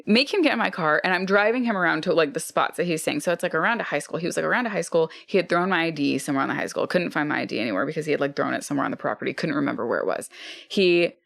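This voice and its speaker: Co-host, female, low and gravelly; loose, profane, animated storyteller with a dry close sound. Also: rapid-fire, no echo. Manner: animated, profane, acts out what people said. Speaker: podcast co-host. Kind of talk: casual storytelling chat.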